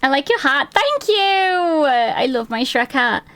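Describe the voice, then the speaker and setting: A twenty-something woman with a high, slightly bright voice speaks at normal speed with fairly even intonation and no room sound. She streams from home in a chatty way, reading chat aloud, cursing often, joking at her own expense, and laughing readily.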